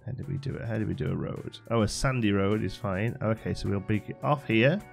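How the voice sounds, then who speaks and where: A man's voice: lowish voice, a little fast, creaky, faint music behind. A man hosting a game channel, giving chatty playthrough commentary and thinking aloud as he plays.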